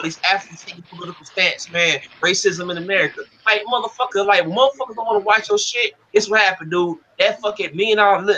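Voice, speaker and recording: A man who talks fast and a little high, ranting heatedly in a casual podcast chat. His voice is bright and forceful, he swears constantly, and he acts out whole arguments with people he disagrees with. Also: low-quality recording. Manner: profane, fired-up, quotes others in mock exchanges. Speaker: comic book creator and podcast host.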